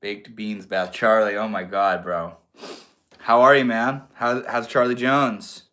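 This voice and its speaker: A man's voice: lowish voice, steady tone, a little slow, sharp tone. A young man from Maine hosting a casual livestream, chatting in a slangy, laid-back way and answering viewers. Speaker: livestream host.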